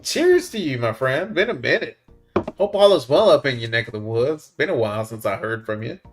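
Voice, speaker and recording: A man's voice: medium pitch, expressive, brisk, background noise. A man, hosting a casual livestream, reading the chat in a laid-back way, chuckling often and calling people "man" and "buddy". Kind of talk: casual live-stream chat.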